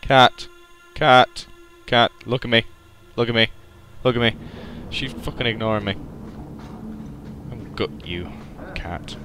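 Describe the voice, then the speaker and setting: A young gaming commentator does casual let's-play commentary, goofy, rambling and swearing heavily. His mid-range voice has a fairly bright tone, with faint game music and slight background noise.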